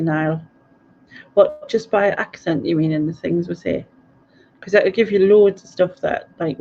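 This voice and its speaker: Gravelly, giggly woman. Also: on the low side, mellow, a little hiss or hum. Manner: chatty and giggly, stumbles over place names. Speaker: live-stream host. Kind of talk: casual live-stream chat reading viewer comments. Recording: dull lo-fi audio.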